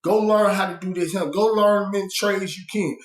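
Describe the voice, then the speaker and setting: A man's voice: steady tone, normal speed. A man casually telling a story about his time in prison. His talk is blunt and profane, full of fillers, and he changes his voice to act out the people he quotes. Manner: shifts pitch and loudness to act out quoted people. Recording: roomy echo.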